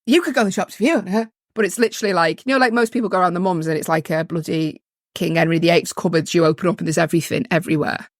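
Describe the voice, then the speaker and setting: A woman's voice: lowish voice, steady tone, very fast, dry recording, clean studio sound. A middle-aged woman co-hosting a podcast, telling self-mocking stories in casual chat and laughing often. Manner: chatty, self-mocking storyteller who laughs a lot. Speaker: podcast co-host.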